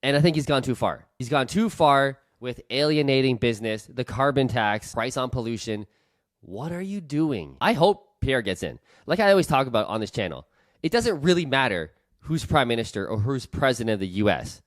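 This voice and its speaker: A man's voice: mid-range voice, sing-song, normal speed, no echo. A man, a real estate investor hosting his own channel, giving blunt, ranting opinion commentary. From Canada.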